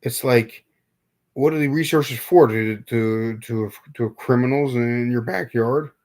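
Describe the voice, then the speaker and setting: A man's voice: medium pitch, unhurried, darkish tone. A young man from New York talking casually on a live stream, rambling, stumbling over repeated words and answering viewers. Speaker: livestream host.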